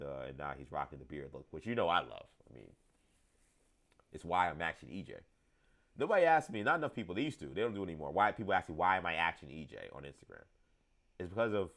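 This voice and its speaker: A man's voice: low-pitched, a bit bright. A man in his thirties hosting a live show, talking casually, rambling with many fillers and restarts while reading the chat. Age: 30s. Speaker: show host.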